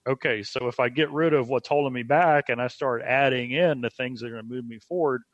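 A man talks as a podcast guest, laying out his ideas slowly and with thought. The recording is very dry and a little dull in tone. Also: mid-range voice, dry recording. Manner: slow, reflective, explanatory. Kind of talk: casual podcast conversation. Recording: dry, slightly dull sound.

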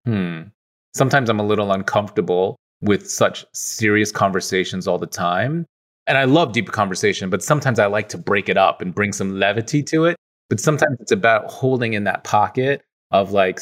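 A man speaking as a podcast guest in casual conversation, reflective and easygoing, with many "like" fillers. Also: on the low side.

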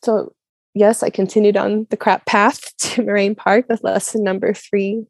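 A woman's voice: mid-range voice, flat delivery, moderate pace, vocal fry, dry recording, studio quality. A woman from Colorado telling her personal faith story as a guest, candid and chatty with lots of "like" and "you know.". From Colorado, USA. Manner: earnest and open. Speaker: guest sharing her testimony.

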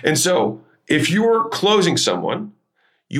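A man hosting his own podcast, teaching sales techniques in an emphatic, energetic way, shifting his tone and pace to make points. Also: mid-range voice, normal speed. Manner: energetic, emphatic, varies tone to demonstrate. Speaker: podcast host.

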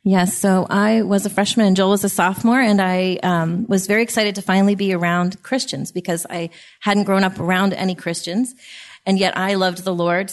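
A middle-aged woman, a guest on her husband's podcast, tells a personal story in a reflective, gently emotional way. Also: on the low side. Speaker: podcast guest, host's wife.

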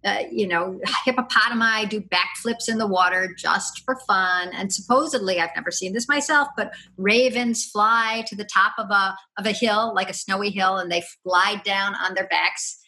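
A middle-aged woman, a podcast guest, chatting and explaining at length in a lively, rambling way, with laughs and restarts. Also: medium pitch, normal speed, hardly any pauses. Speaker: podcast guest, free-play advocate. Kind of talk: casual conversational explaining.

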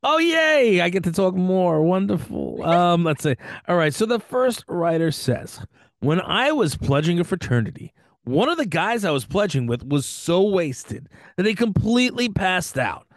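A man's voice: high voice, big pitch swings, normal speed, no echo, clean studio sound. A man co-hosting a podcast in casual chat, swearing freely and slipping into mock voices. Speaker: podcast co-host.

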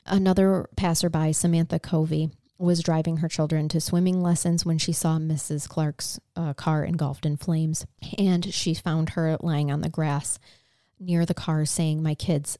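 With a low-pitched, mellow voice, fairly even intonation, and an unhurried pace, a woman co-hosting a podcast relates a true crime case. Her delivery is earnest and conversational, and she's emotionally moved. The studio-quality audio has no room sound.

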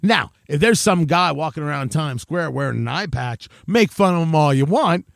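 High-pitched man, lively, rambling monologue, dry close sound. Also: normal speed, vocal fry, no room sound. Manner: animated, rambling, self-interrupting. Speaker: commentator. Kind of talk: opinion monologue.

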